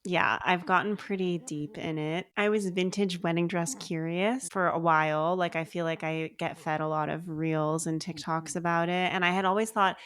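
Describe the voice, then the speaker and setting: A woman's voice: fairly low pitch, steady tone, moderate pace, few pauses, a bit bright. A woman co-hosting a podcast, chatting casually and rambling through her thoughts with lots of filler words. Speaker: podcast co-host. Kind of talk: casual chat.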